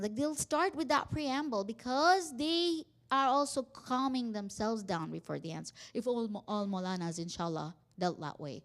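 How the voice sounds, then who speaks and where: A woman giving a workshop talk on family communication, animated and acting out quoted dialogue. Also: sits high, normal speed. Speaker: workshop speaker. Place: community center hall.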